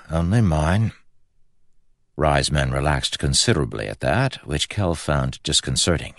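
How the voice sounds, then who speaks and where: Deep-voiced guy narrating a fantasy book, steady reading, dry close sound. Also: vocal fry, dry recording. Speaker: audiobook narrator. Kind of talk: scripted narration.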